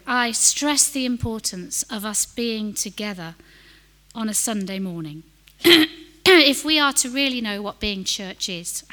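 A woman's voice: fairly high pitch, fairly bright tone. A middle-aged woman preaching a sermon, telling a personal story in an earnest, self-deprecating way.

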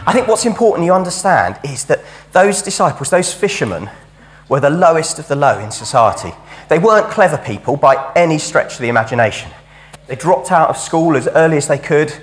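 A man giving a chatty, jokey sermon at a church camp service. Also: on the high side. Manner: chatty and jokey, leading a game with helpers. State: out of breath. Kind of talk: lively all-age sermon.

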